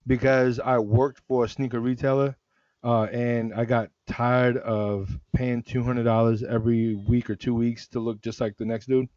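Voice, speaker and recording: A man hosting a casual sneaker chat, relaxed and rambling, often restarting his sentences. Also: medium pitch, normal speed, no echo, dull audio. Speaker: sneaker podcast host.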